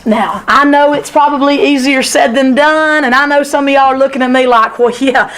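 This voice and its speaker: A woman's voice: high voice, fairly even intonation, normal speed, fairly bright tone, poor audio. A woman teaching a women's Sunday school class in a church, emphatic and repetitive in her delivery. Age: adult, former sixth-grade teacher.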